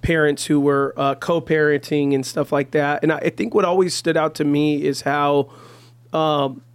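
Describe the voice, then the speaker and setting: Earnest pastor telling stories, dry sound. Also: male voice, a little high, level tone, normal speed, clear, resonant tone, no room sound. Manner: earnest storytelling, heavy on "you know" fillers. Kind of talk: casual podcast conversation.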